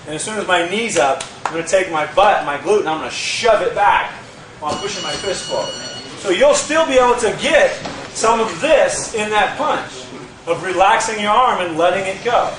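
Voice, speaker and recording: High-voiced man teaching in an echoey gym. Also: moderate pace, noisy background. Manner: lively, demonstrative, with sound effects. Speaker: martial arts instructor. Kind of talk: casual instructional demonstration. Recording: echoey gym from far off with crowd.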